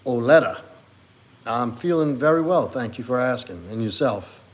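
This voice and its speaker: An earnest man talks casually on a livestream, reading out viewer comments and pausing to reflect on them. His voice sits at an ordinary middle pitch, and he speaks in a relaxed, conversational way. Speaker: livestreamer and men's coach.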